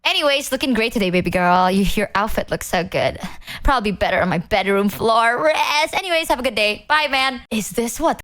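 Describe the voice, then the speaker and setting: Lively-voiced woman streamer. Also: a little high, fairly quick. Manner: rambling, swears freely, often laughs. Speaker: VTuber streamer. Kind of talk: casual live-stream chat.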